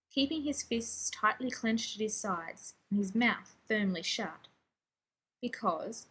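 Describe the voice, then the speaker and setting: A woman narrating a story aloud in a steady, expressive reading. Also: on the high side, breathy edge, low-quality recording. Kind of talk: fan fiction audiobook reading.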